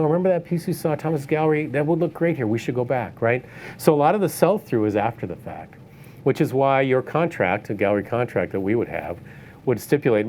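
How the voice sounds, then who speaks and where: A man's voice: medium pitch, a little mellow, slight background noise. A man giving a casual lecture on the art business to photographers, tossing in "right?" and laughing now and then. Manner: conversational, tag questions like "right?", laughs often. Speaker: art dealer giving a talk. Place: event space.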